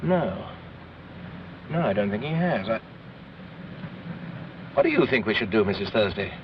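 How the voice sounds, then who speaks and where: Proper, courteous chauffeur. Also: male voice, fairly low pitch, sing-song, unhurried. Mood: formal. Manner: formal, courteous. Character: polite, proper chauffeur Hunter. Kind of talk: 1960s TV drama acting. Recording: dull lo-fi 1960s TV sound, hiss.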